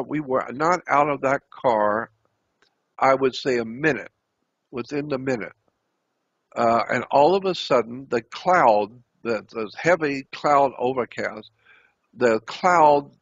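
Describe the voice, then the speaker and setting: A man's voice: medium pitch, slightly rough, dry recording, muffled recording. A man telling a personal story off the cuff, rambling and restarting his phrases. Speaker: speaker recounting a personal experience. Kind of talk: unscripted storytelling.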